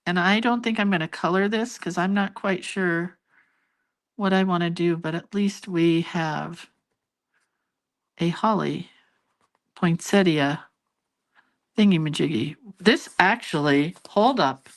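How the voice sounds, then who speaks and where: A woman's voice: on the low side, slow, pauses often. An older woman hosting a casual live drawing lesson, chatting and laughing at her own mistakes as she goes. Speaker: hand-lettering and doodling teacher.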